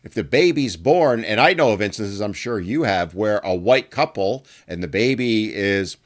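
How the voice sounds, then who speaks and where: A man hosting a podcast interview in a chatty, conversational way, often adding quick asides. His voice sits somewhat low. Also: animated. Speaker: podcast host.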